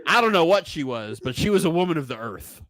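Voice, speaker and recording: A man, co-hosting a podcast, telling animated stories full of swearing and laughter. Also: on the high side, fast talker, no echo. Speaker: podcast co-host. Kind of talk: casual chat.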